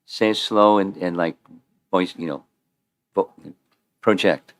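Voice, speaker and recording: A man's voice: sits low, takes it slowly. A man giving an informal scripture class in a temple, chatty, quizzing his listeners and often restarting his sentences. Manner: conversational, quizzes the audience, repeats and restarts. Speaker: spiritual teacher giving a class.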